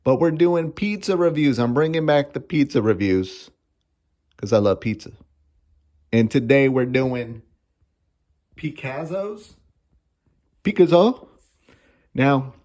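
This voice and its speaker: A man's voice: mid-range voice, animated, takes it slowly, pauses often, a little mellow. A man in his thirties giving a casual, sarcastic and profane food review, laughing often as he rants. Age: 30s.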